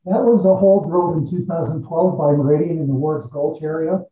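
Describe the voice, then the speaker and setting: Distant echoey man explaining geology. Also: fairly high pitch. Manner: measured, technical, with many restarts and fillers. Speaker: exploration geologist. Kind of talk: technical explanation in an interview. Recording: echoey, distant, dull audio.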